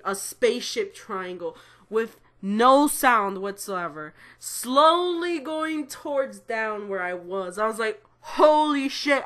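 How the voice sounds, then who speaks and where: A woman in her twenties with a medium-pitched, fairly bright voice rambles through a personal story to camera like a vlogger. She tells it casually, swearing and correcting herself along the way.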